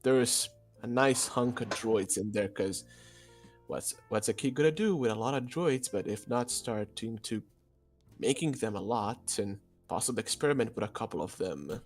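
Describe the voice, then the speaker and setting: A man's voice: lowish voice, lively intonation, moderate pace, faint music behind. Hesitant man rambling on a podcast. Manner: hesitant, rambling, many fillers. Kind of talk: casual podcast chat.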